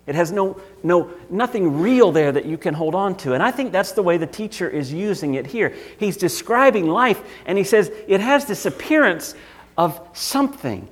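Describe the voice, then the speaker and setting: A male pastor with a Southern accent delivers a sermon in a conversational, emphatic way. His voice sits a little higher than most men's. He keeps the preaching lively and direct. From Southern United States.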